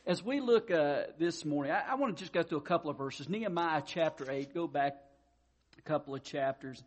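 A pastor preaching a sermon, easing in with a folksy joke before turning to Scripture. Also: male voice, a little high, brisk.

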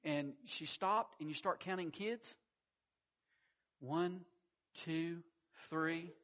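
Pastor guy preaching, kinda high voice, keeps stammering and restarting, muffled lo-fi audio. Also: takes it slowly, a bit bright. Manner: folksy storytelling, frequent stammered restarts. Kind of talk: sermon. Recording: muffled lo-fi recording.

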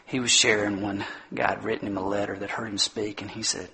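A man's voice: lowish voice, level tone, brisk, vocal fry, bright, forceful tone, slightly rough. A man preaching a sermon, emphatic and full of rhetorical questions, speaking directly to his listeners. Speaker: pastor.

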